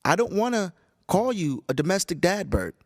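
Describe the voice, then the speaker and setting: A tired, groggy man hosting a casual solo podcast, rambling with profanity and animated storytelling. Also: sits high, normal speed, no echo, studio quality. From Chicago area. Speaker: podcast host.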